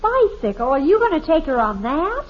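A woman's voice: sits high, very animated, moderate pace. A dramatic, affected teenage girl. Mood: teasing. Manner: affected, putting on airs, theatrical. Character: teenage girl, status-conscious and dramatic older daughter. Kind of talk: 1950s radio sitcom acting. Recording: dull lo-fi old radio recording.

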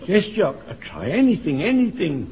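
A fretful old shopkeeper in the ranks, high-voiced, eager and stammering, forever repeating his "yes, sir". The lo-fi radio sound is dull and muffled. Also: wildly swooping pitch, normal speed, warm tone. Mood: worried. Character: elderly flustered male shopkeeper soldier. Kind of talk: radio sitcom acting.

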